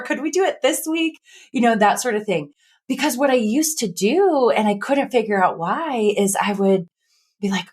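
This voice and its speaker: A woman with an American Midwest accent hosting a podcast interview in a casual, animated way. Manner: animated, acts out quoted lines in a higher voice. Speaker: podcast host.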